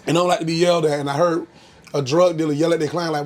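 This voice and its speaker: Laid-back young comedian from Florida. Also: male voice, fairly high pitch, fairly even intonation, fast talker, darkish tone. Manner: laid-back storytelling, frequent "um" fillers, bursts of laughter. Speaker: comedian guest. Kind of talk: casual interview chat.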